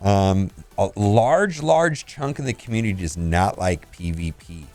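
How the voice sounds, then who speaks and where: A man's voice: sits low, animated, unhurried, darkish tone, soft background music. A man hosting a casual game video, reviewing store offers with blunt verdicts and laughs. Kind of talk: casual commentary.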